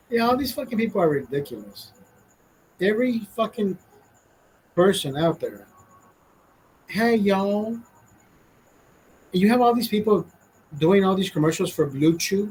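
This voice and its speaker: A man's voice: high-pitched, very animated, brisk, a little mellow, a little hiss or hum, poor audio. A man in his forties from Honduras with a Honduran accent, delivering a blunt, profane, indignant rant to camera. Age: 40s. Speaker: vlogger. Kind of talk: casual ranting monologue.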